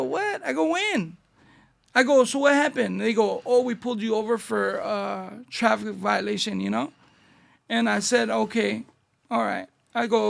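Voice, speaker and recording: La guy, middle-aged, raspy fry all over, high-ish voice, telling stories w/ lots of slang. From Northeast Los Angeles. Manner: animated street-slang storyteller, acting out dialogue. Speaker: guest. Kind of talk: casual storytelling interview.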